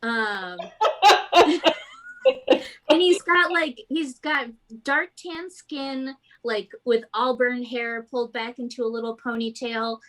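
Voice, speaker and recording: A woman's voice: on the high side, steady tone, measured pace, hardly any pauses, fairly bright tone, poor audio. A woman running a tabletop game as game master, narrating casually with lots of fillers.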